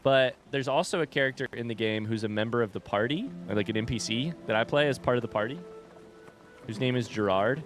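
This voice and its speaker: A man streaming a game live in a relaxed, rambling way, greeting chat and swearing casually. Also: medium pitch, brisk. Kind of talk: casual gaming livestream chat. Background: game music.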